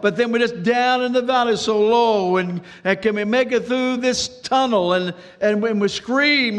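A man delivers a sermon in a high, fervent voice, repeating himself and rushing then slowing. A long reverb trails every phrase in the hall. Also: fairly bright tone. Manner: dramatic preaching with repetitions and sudden pace changes. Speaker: pastor.

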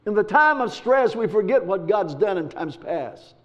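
Preacher, man, very high voice, repeats lines and bursts into shouts; dull lo-fi recording. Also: animated, moderate pace. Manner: emphatic, repetitive preaching with sudden shouts. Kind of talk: sermon.

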